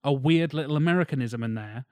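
A man co-hosting a casual film podcast, animated and emphatic, swearing freely. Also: mid-range voice, fast talker, smooth, dry recording. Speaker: podcast co-host.

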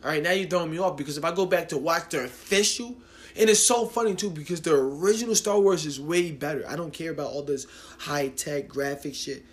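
A man from New Jersey, late twenties, speaks a little fast in a fairly high voice. He hosts his own podcast, where he rants casually, rambling profanely and restarting a lot.

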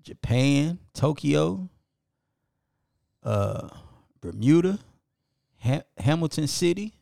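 A man's voice: on the high side, vocal fry, dark tone, no echo, studio quality. A man co-hosting a podcast, casually reading out listener locations and apologizing when he stumbles over foreign names. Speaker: podcast co-host.

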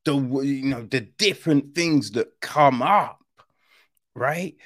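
A man hosting a film podcast, reviewing a movie in loose, slangy casual chat, acting out quoted lines and leaning on fillers. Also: medium pitch. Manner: animated, slangy, acts out quoted lines in other voices; drawn-out, loose delivery with many fillers.

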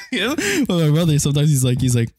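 A man's voice: fairly high pitch, wildly swooping pitch, a little fast, slightly rough, no room sound. A young man chatting on a podcast, his voice swinging up and down as he tells a story. He laughs often and slips into playful voices. The sound is close and dry, with no room around it. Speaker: podcast co-host. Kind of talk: casual chat.

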